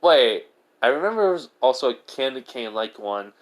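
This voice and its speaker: A man voicing a cheeky, sarcastic eighteen-year-old boy turned ice spirit, in a loud voice pitched above his own. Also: sing-song, fairly quick, close to an everyday voice. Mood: cocky teasing. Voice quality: loud, higher than his narrating voice. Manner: brash, mocking.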